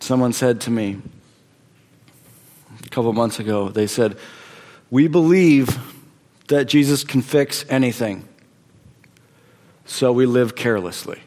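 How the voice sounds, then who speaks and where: A man preaching a sermon, emphatic, repeating phrases and swinging between loud and hushed delivery. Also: mid-range voice, a little slow, long pauses, long reverb tail. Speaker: pastor.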